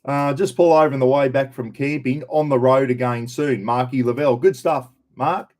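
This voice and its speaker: A man's voice: mid-range voice, fairly even intonation, normal speed, darkish tone. An Australian man hosting a casual live stream, greeting viewers by name in a chatty, laid-back way. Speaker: livestream host. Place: in a caravan on the road.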